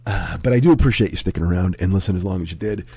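A man in his forties with a hoarse, sick voice, rambling and swearing through a casual podcast monologue at home. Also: low-pitched, very fast, mellow. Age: 40s. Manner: profane, rambling, self-deprecating. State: hoarse, sick with a sore throat. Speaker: comedy podcast host.

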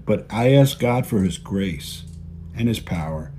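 A fairly low-voiced man preaching to his church in a plain, folksy way. He repeats his key phrases for weight and talks like he's chatting with his flock. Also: expressive, a little slow, warm tone, slight background noise. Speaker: pastor. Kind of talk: sermon. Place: church video service.

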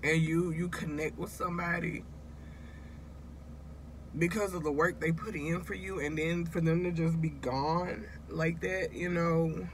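A woman's voice: on the low side, steady tone, a little slow, a little hiss or hum. A woman vlogging in a casual, confiding way, emotional and close to tears, rambling and talking straight to her viewers. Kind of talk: casual confessional vlog.

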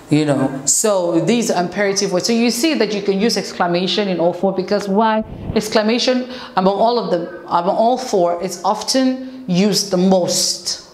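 A woman English teacher giving a relaxed, conversational classroom lesson, mixing in French explanations. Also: medium pitch, moderate pace, few pauses. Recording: echoey room, faint noise.

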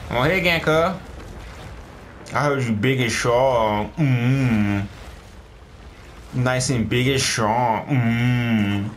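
A man's voice: mid-range voice, slow pace, long pauses, a little hiss or hum. A man giving let's play commentary, exclaiming and talking to the characters on screen. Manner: animated, exclaiming, talks to game characters. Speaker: gaming streamer.

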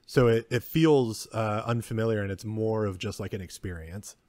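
Co-hosting a podcast, a man gives blunt film opinions in a casual review chat, cursing freely and sometimes stumbling. His voice is on the low side with a darkish tone, at a moderate pace, with no room sound.

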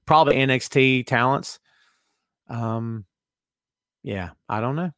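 Speaking slowly and pausing often, a man with a mid-range voice hosts a casual podcast, reading listener comments and answering with sarcastic asides. His manner is animated, moving from loud remarks to muttering. The sound is clean studio audio with no echo.

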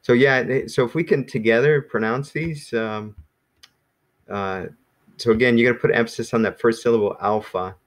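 A man teaching an online language class in a relaxed, rambling way with many fillers, speaking over a video call. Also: mid-range voice, normal speed. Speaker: Greek teacher.

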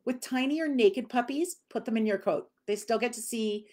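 A woman's voice: on the high side, normal speed, darkish tone. A woman dog trainer, answering viewer questions in a casual live lesson and often acting out what people say. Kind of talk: live Q&A teaching.

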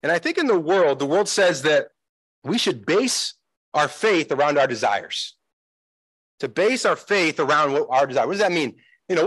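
A pastor, a man, preaching a sermon in an animated way, acting out the voices he quotes. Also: fairly high pitch, moderate pace, breathy edge, no echo, rough recording. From United States.

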